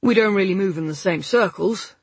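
A woman voicing a relaxed, candid male photographer speaking frankly about an old friend in an audiobook. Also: mid-range voice, a little fast, slightly rough, no room sound.

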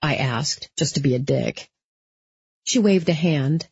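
A woman's voice: sits low, unhurried, mellow, breathy edge, no echo. A woman narrating a first-person audiobook in a dry, wry storytelling manner, close to the mic. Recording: slightly dull lo-fi.

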